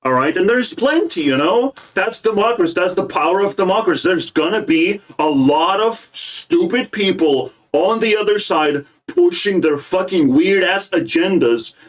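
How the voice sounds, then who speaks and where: A young man delivers a heated, profanity-laced political rant, agitated and scornful as he reacts to what he is watching. His voice sits a little higher than most men's. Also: expressive, normal speed, few pauses. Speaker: political commentator. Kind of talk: ranting reaction commentary.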